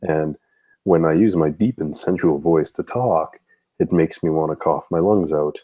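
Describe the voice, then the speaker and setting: A man with a heavy cold, co-hosting a casual live-stream chat with deadpan, teasing banter. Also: rumbling low, normal speed, breathy edge. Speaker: co-host.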